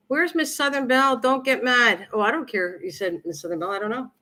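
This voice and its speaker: This older woman's voice is a little high, brisk and bright, with a forceful tone. She runs a casual cooking livestream in her home kitchen, rambling amiably and answering viewer comments she reads aloud.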